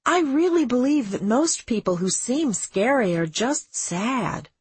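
A woman's voice: a little high, expressive, unhurried, husky, no room sound, voice pushed up, full character voice. A woman narrator voicing a cheerful, tender-hearted young woman who speaks in an earnest, gushing way.

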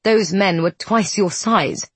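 A woman's voice: mid-range voice, slow pace, slightly rough, dry recording. A woman voicing a tense, guarded young man.

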